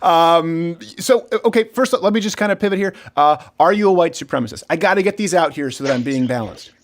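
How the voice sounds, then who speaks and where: A man hosting a talk show interview, asking questions in a joking, quick, animated manner. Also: a little high. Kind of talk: casual interview chat.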